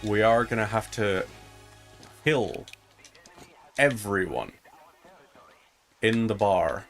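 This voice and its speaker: A man's voice: lowish voice, animated, slow pace, faint music behind. A man giving casual commentary while playing a game, chatting to himself as he goes. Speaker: gaming streamer.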